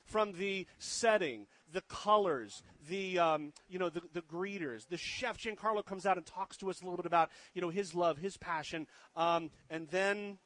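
A man's voice: high-pitched, moderate pace, hardly any pauses, a bit bright, no room sound. A man hosting a live radio food show from a restaurant, talking in an upbeat, effusive broadcaster's manner.

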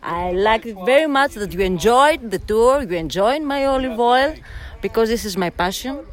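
A woman's voice: fairly high pitch, animated. Earnest woman with a tongue. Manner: earnest, careful phrasing with searching pauses. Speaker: olive oil producer and host of the estate tour. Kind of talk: on-location interview.

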